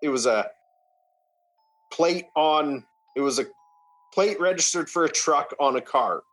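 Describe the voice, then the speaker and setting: A young man from Canada telling a wild story in casual podcast chat, swearing freely and acting out the shouting. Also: a little high, unhurried, faint music behind. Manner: animated, swearing, acts out shouts.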